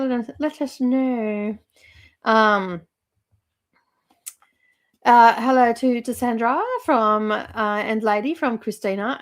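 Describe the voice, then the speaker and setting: A middle-aged woman, chatting casually as host of a livestream, rambling with lots of fillers and laughs. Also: a little high.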